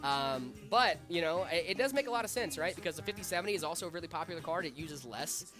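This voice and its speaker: A man's voice: a little high, expressive, fast, over music. A young man hosting a casual tech livestream, chatty and rambling, his voice a little off after being sick. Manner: chatty, rambling with fillers and asides to chat. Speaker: stream host.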